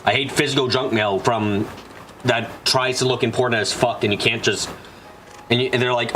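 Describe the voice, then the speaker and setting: Man, let's-play streamer, bright voice, foul-mouthed ranter who talks back to chat. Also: mid-range voice, moderate pace, faint music behind. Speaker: gaming streamer. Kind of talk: casual let's-play commentary.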